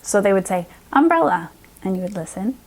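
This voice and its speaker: A woman reading specialist leading a children's phonics lesson, upbeat and encouraging, stretching out sounds slowly and carefully. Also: mid-range voice, very animated, a little mellow.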